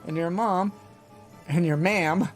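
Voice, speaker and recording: A man's voice: a little high, expressive, moderate pace, over music, close to an everyday voice. A man voicing a cheeky small male fairy sidekick with a Welsh accent, chatty and sing-song with lots of tag questions. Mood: explaining. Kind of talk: reading game dialogue aloud.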